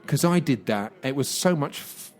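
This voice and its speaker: A man playing a pale, fanged, old-fashioned male vampire in an improvised radio comedy sketch, rambling and deadpan. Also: mid-range voice, moderate pace, voice pushed down, close to an everyday voice.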